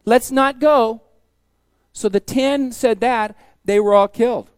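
A man preaching a casual sermon, telling folksy stories and acting out the people in them with sudden loud bursts. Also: very high voice, slow, smooth, dry recording. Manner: storytelling, acts out quoted voices with sudden loud bursts; folksy, conversational.

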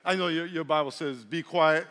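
High, bright-voiced preaching pastor. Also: male voice, fairly even intonation, moderate pace, smooth, in a large hall. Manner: preaching with call-and-response and humor. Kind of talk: sermon.

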